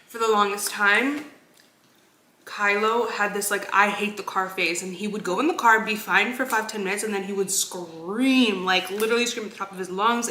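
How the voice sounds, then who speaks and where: Bright-voiced young mom vlogging in kitchen. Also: female voice, medium pitch, echoey room, a little hiss or hum. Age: young adult. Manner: chatty, talks while eating. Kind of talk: casual vlog chat.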